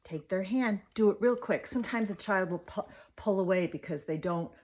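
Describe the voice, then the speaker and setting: A woman's voice: medium pitch, moderate pace. Woman in her 30s, speech therapist, friendly coaching, sing-song bursts. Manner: sing-song, animated demo voice for toddlers. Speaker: speech-language pathologist. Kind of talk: parent coaching lesson with toy demo.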